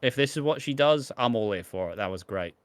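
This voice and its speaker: A man's voice: mid-range voice, lively intonation, brisk, clear, resonant tone, no room sound. Wry, teasing male podcast co-host. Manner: wry, teasing, quotes characters. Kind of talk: casual chat recapping a soap.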